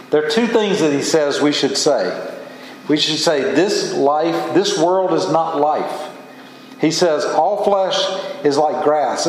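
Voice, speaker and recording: A man's voice: on the high side, a little hiss or hum. A man preaching a sermon as a pastor, earnest and emphatic, often rising into exclamations. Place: church sanctuary. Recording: echoey hall from far off.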